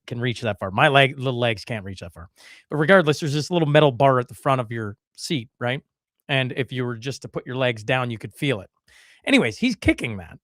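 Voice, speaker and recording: A man's voice: mid-range voice, fairly bright tone, dry recording, clean studio sound. A man hosting a podcast, telling a story in a casual, rambling way full of fillers and restarts. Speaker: podcast host.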